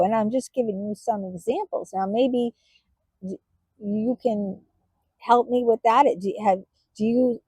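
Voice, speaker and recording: A woman vlogger speaks straight to her viewers, halting and emotional, full of fillers and restarts. Her voice sits a little high, mellow and husky, in a dry, close recording. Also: no echo, low-quality recording. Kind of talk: personal talk to camera.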